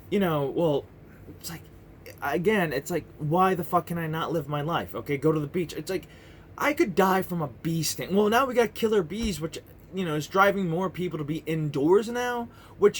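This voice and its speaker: A vlogger in his thirties rants to his camera mic in a heated, profane, rambling monologue full of restarts. His voice is on the high side, with slight background noise.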